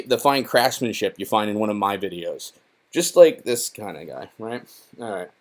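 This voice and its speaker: A man's voice: lowish voice, animated, brisk. A young man casually reading through a children's book on camera, mocking it with profane, rambling, sarcastic asides full of fillers. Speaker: YouTuber reviewing a children's book.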